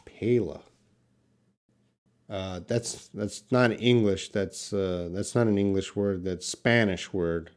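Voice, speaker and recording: A male English teacher hosting a live pronunciation class, speaking slowly and deliberately. He says each word over and over for learners and stops to answer questions from the chat. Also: low-pitched, smooth. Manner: slow, repeats words for learners, answers chat. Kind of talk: live-stream pronunciation lesson.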